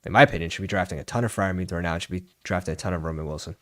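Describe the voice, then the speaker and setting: A man's voice: sits low, no room sound. A man joining a fantasy football stream as a guest, chatting casually and agreeing easily. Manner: laid-back, agreeable, lots of quick yeahs and mm-hmms. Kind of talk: casual chat while drafting.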